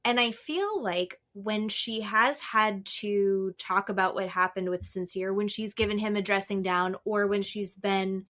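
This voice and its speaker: A woman's voice: medium pitch, fairly even intonation, unhurried, few pauses, fairly bright tone. A woman co-hosting a podcast, chatting casually about reality TV and saying "like" often. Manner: chatty, lots of "like", acts out quotes. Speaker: podcast co-host. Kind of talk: casual reality-TV recap chat.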